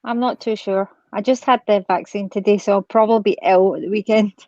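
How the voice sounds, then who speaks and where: A Scottish woman calling into a livestream, soft-spoken and modest in casual chat. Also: medium pitch, steady tone, fairly quick, dry recording, lo-fi sound. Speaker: livestream guest caller.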